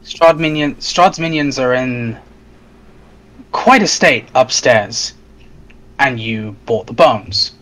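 A man's voice: mid-range voice, slow pace, pauses often, a bit bright, poor audio. A man playing a tabletop game, matter-of-fact and dry. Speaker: player.

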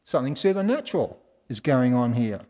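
This Australian-accented pastor preaches conversationally in a large church hall, questioning his listeners and adding folksy remarks. His mid-range, dark-toned voice swings widely in pitch, and he talks a little fast.

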